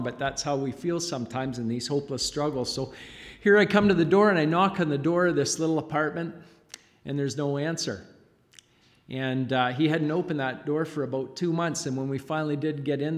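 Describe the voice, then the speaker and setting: In a large hall with long reverb, a father gives an emotional church testimony, halting and choked up, with frequent pauses and fillers. His voice is on the high side and his intonation fairly even.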